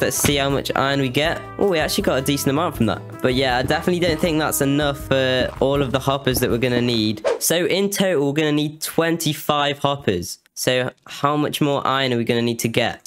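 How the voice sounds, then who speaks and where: A man giving casual let's-play commentary on his game, chatty and quick to exclaim in alarm. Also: mid-range voice, music in the background. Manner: chatty, exclaims and panics when mobs attack. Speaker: gaming YouTuber.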